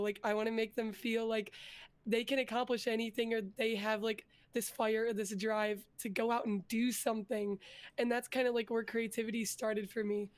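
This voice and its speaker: A young woman with a hoarse voice from being sick, chatting as a guest in an interview and telling her story in an upbeat, rambling way. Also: a little high, little pitch movement, moderate pace, no room sound. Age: young adult. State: hoarse from illness. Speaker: guest vtuber. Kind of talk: casual interview chat.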